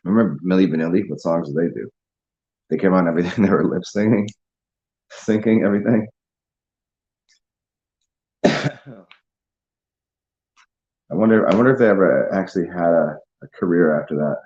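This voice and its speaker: A man's voice: low-pitched, normal speed, long pauses, a little mellow, muffled recording. A man hosting a casual livestream, rambling, laughing and chatting with viewers over a beer. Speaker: livestream host.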